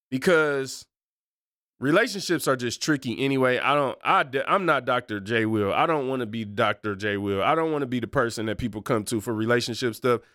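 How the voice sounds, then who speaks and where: A man's voice: medium pitch, a bit bright, no echo, studio quality. A married man hosting a casual faith podcast, talking in a loose, slangy way and wandering off on tangents. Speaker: podcast host.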